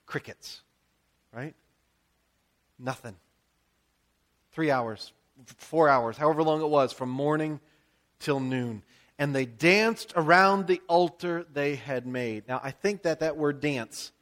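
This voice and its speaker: An American man, a pastor, preaching a sermon in a conversational, animated storytelling way with frequent asides. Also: on the high side.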